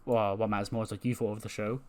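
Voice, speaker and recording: A man's voice: on the low side, fast talker. Laid-back guy recapping a game. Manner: relaxed, rambling, loose slang. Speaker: let's-play host. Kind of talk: casual game recap narration.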